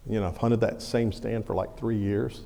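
A middle-aged man, preaching a sermon as a pastor and telling a personal story in a folksy, animated way. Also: fairly low pitch, moderate pace, creaky, slight background noise. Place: church sanctuary. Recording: long hall reverb.

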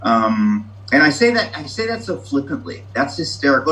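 A man's voice: medium pitch, big pitch swings, moderate pace, sharp tone, poor audio. Brief: man, self-mocking and candid, sharing his story on a video call. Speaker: meeting member sharing. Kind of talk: recovery meeting share.

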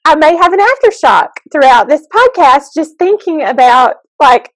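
A woman's voice: high voice, big pitch swings, normal speed, noisy background. A woman co-hosting a podcast as a school counselor, giggly and playful in casual chat.

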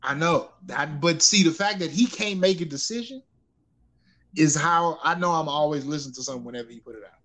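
A man's voice: on the high side, fairly quick, a bit bright, poor audio. A man co-hosting a podcast, chatting casually with slang and frequent restarts as he works out his point. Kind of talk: casual chat.

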